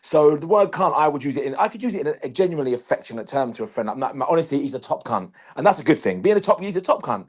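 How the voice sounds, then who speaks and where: A man's voice: on the high side, sing-song, rapid-fire, few pauses, husky. A man co-hosting a podcast in casual chat, swearing often and making emphatic jokes. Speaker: podcast co-host.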